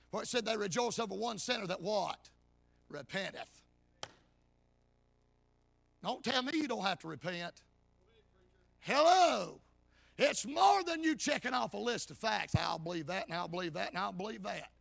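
A man preaching a hollering revival sermon in church, shouting and punctuating every line with amen and hey. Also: sits high, very animated, normal speed, creaky, long pauses, husky, no echo.

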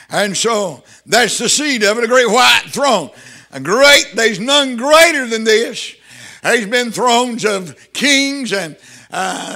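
An older man preaching a sermon, fervent and breaking into shouts of praise. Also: sits high.

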